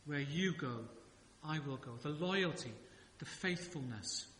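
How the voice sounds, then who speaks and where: A man preaching in a church, keeping it conversational with rhetorical questions and light humour. His voice is bright and slightly high. It rings with a long church reverb over a faint hum of room noise. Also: expressive, unhurried. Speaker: pastor. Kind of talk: sermon. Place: church sanctuary. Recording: echoey church hall reverb.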